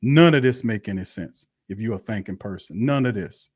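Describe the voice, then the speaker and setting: A man's voice: fairly low pitch, normal speed, a little mellow, no room sound. New guy going off about football on his stream, cussing, repeats himself, dead dry sound. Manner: blunt and profane, heated, repeats himself. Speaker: sports show host. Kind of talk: angry live-stream sports rant.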